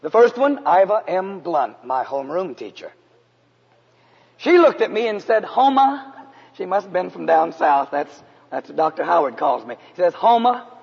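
A man from San Antonio, Texas, preaching a storytelling sermon in an earnest way, sometimes dropping to a hush. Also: a little high, big pitch swings, moderate pace, creaky, breathy edge. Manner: earnest narrative preaching, drops to hushed tones for emphasis. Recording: dull, echoey hall recording.

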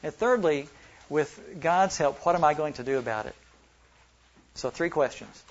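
A man from Oklahoma and Texas teaching a Bible study workshop, who slows down to stress single words when he reads scripture. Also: fairly high pitch, animated, highs cut off.

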